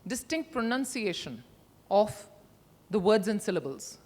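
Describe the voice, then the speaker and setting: A woman's voice: medium pitch, unhurried. A middle-aged woman leads an interactive workshop talk, leaning hard on certain words and shaping her voice to show what she means. Her voice rings out through a large conference hall with a long reverb. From India. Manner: expressive, emphatic, demonstrates with her voice. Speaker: conference speaker.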